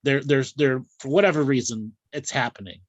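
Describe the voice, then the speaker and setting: A man's voice: medium pitch, fairly quick, no echo, muffled recording. A man hosting a casual live chat show, talking frankly and bawdily and laughing often. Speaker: host.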